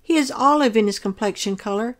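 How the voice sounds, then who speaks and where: A woman reads her dream account aloud in an earnest, measured, descriptive manner. Her voice sits somewhat high for a woman.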